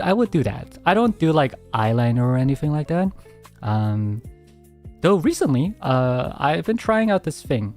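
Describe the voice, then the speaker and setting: A man streamer answering viewer questions in a soft, hesitant casual chat, speaking very close to his mic at home. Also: medium pitch. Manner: soft-spoken, hesitant, many restarts.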